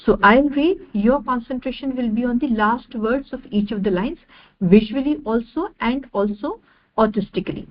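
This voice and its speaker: A woman giving an online lecture over slides, measured and repeating each definition step by step. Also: a little high, dull audio.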